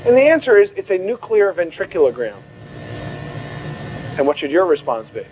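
A man giving a medical lecture to a class in an animated, theatrical way, acting out confused students. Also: sits high, moderate pace, long pauses, slight background noise, poor audio.

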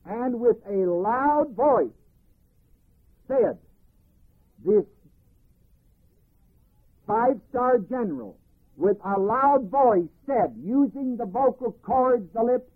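A man teaching a Bible class, reading verses and explaining them deliberately, phrase by phrase. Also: very high-pitched, husky. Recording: tinny archival phone-band recording.

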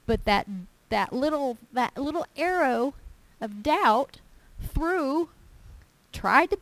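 This woman's high voice takes things slowly as she gives a testimony sermon at church, emphatic and animated, acting out the dialogue in her stories. The recording is dry and rough.

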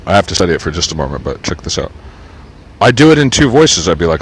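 A man's voice: deep voice, sing-song, fast talker, slight background noise, poor audio. A man talking casually outdoors in a rambling, sarcastic way, swearing often as he comments on a book he reads from. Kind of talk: casual profane rant while reading a book aloud.

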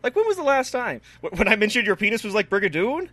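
A man's voice: high-pitched, big pitch swings, fast, a bit bright, dry recording. A man co-hosting a comedy podcast, spinning absurd shock-humor bits with stammering restarts. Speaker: podcast co-host. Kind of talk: casual comedic podcast banter.

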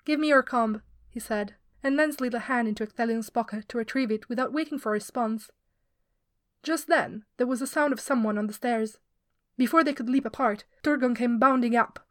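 Woman, story narrator, podfic reading, steady delivery, fairly high voice, dry close sound. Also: no room sound. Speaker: podfic reader.

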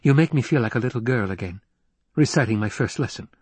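A man's voice: mid-range voice, expressive, fast, breathy edge, no echo. Man reading as a strained young mother. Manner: quiet, strained and restrained. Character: young woman, a grieving, tense mother. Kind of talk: audiobook character reading.

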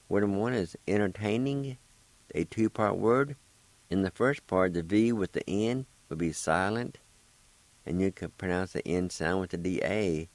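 Slow, deep-voiced man teaching a language. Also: darkish tone, no echo, rough recording. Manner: patient, spells words out letter by letter; encouraging, repeats each word slowly. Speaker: language teacher and radio host. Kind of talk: radio language lesson.

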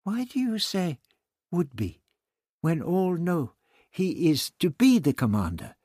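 A man reading an audiobook voices a naive, earnest young man of eighteen who speaks innocently and with gentle reproach. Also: sits high, wildly swooping pitch, slow, no echo, clean studio sound, pitched above the performer's own voice, full character voice. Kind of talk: audiobook character voice.

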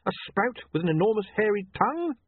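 A man voicing a wry, anxious young male newspaper editor who talks in a hurried way. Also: sits high, very animated, breathy edge, dry recording, voice pushed up, full character voice. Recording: tinny phone-like, dry.

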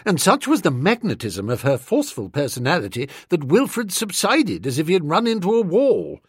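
A man's voice: high-pitched, huge pitch swings, moderate pace, breathy edge, no echo, studio quality. A man reading a comic first-person story aloud as an audiobook narrator. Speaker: audiobook reader.

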